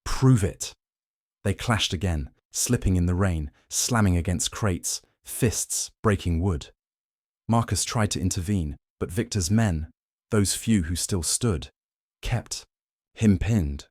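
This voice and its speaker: A man giving tense, measured scripted narration of a detective thriller. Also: low voice, a little mellow, no echo, clean studio sound.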